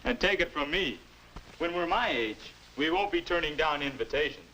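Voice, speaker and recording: A man's voice: fairly high pitch, lively intonation, normal speed, sharp tone, a little hiss or hum, rough recording. An actor playing an earnest grown-up man lecturing a teenager on table manners in a 1950s educational film. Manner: earnest, instructive, moralizing. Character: prim adult man lecturing a teen on manners.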